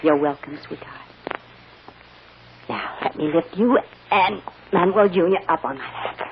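A woman's voice: fairly low pitch, unhurried, muffled recording, lightly acted. A woman playing a tender, anxious mother, soothing and sometimes tearful, in 1940s radio acting. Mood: gentle. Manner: soothing, emotional, tearful at times. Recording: scratchy old radio recording, hiss.

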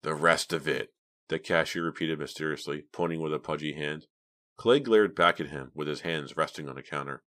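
A male audiobook narrator with an extremely deep voice. He tells the story at a steady, even pace in a scripted reading style. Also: brisk.

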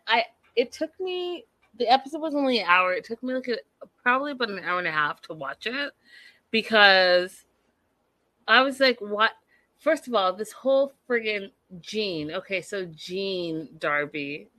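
Bright, sassy woman chatting to viewers. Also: mid-range voice, dry recording. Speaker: reality TV recap host. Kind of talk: casual chat recapping an episode.

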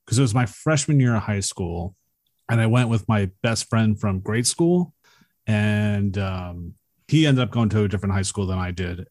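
Podcast co-host, man in his fifties, low and dry, reminiscing easily. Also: dry recording. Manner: reminiscing, relaxed. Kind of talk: casual movie review chat.

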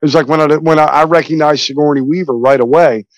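A man hosting a casual movie podcast, talking in a rambling, excitable way with plenty of swearing. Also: fairly high pitch, quick pace, no echo, muffled recording. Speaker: podcast host.

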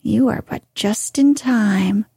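Sly ancient sea witch, whispered by a woman, whispered role-play, breathy, slow, mellow, storybook. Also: on the high side, no echo, clean studio sound, full character voice. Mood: bargaining.

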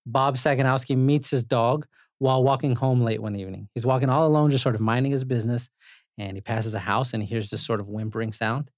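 A man hosting a podcast, recapping movie scenes in a lively, joking way, with casual swearing. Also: medium pitch, fast, dry recording, studio quality. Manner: animated storyteller, swears, laughs often. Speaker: podcast host.

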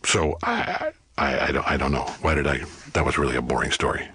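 A man's voice: very deep voice, level tone, fast, sharp tone. A middle-aged man, an actor, telling rambling, self-deprecating stories in casual chat. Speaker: actor guest.

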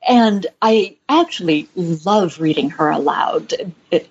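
A middle-aged woman, an author guest in an interview, answering in a measured, reflective way with soft laughs. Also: on the low side, animated, slightly rough, dull audio.

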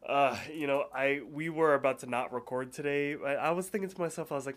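A man's voice: medium pitch, fast, hardly any pauses, fairly bright tone. A man co-hosting a podcast in casual chat, with a stuffy, blocked nose and a rambling way of talking. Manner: rambling, lots of fillers and restarts. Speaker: podcast co-host.

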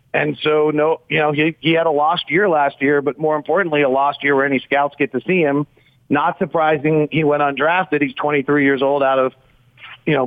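A man's voice: mid-range voice, no room sound. A man calls into a sports radio show and breaks down the team at length, rambling and thinking aloud as he goes. His voice comes through a thin, tinny phone line with a dry, close sound. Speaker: team radio broadcaster, guest. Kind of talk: casual sports radio analysis.

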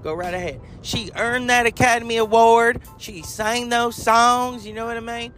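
A man's voice: very high-pitched, steady tone, moderate pace, sharp tone, faint music behind, voice pushed up. Man doing a folksy older country singer lady. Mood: folksy, sweet. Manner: folksy, calls people honey and baby. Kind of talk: comic impression interview.

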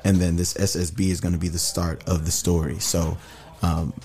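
A man's voice: sits low, level tone, moderate pace, a little mellow, breathy edge. A man who is a guest musician, talking about his music in a laid-back way on a podcast, with many ums. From Dallas. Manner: laid-back, says um often. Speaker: guest artist. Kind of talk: casual podcast chat.

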